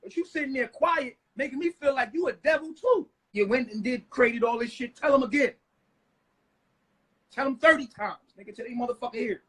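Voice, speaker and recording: A man with a strikingly high, husky voice rants on a livestream. He accuses his wife of betraying him, swears heavily and often breaks into shouting. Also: a little fast. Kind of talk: heated livestream rant.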